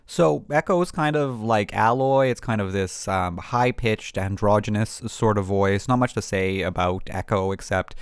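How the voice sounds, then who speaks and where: A man's voice: on the low side, normal speed, few pauses, clear, resonant tone, dry recording, studio quality. A man hosting a casual coding tutorial, rambling with many ums and restarts. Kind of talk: casual screen-recorded tutorial.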